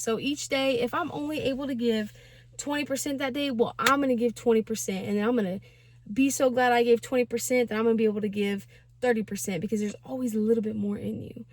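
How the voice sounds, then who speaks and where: Speaking fast in a steady, somewhat high voice, a young vlogger in her 20s shares a personal story. She's casual and talkative, using slang and plenty of fillers.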